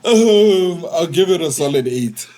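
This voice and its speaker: A man co-hosting a podcast in casual chat, animated and jokey, often laughing as he tells stories. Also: fairly high pitch, measured pace. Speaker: podcast co-host.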